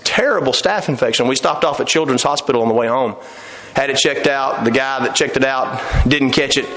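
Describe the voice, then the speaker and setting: A man's voice: mid-range voice, fairly bright tone. A middle-aged man preaching a sermon, telling folksy stories and building to fervent emphasis. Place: church sanctuary. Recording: long reverb of a church hall.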